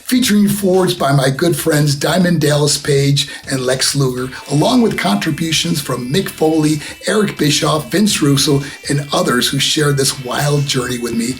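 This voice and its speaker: A man's voice: on the high side, moderate pace, few pauses, a little hiss or hum. A man, a former wrestler, reading a scripted, upbeat promotional spot for his own book.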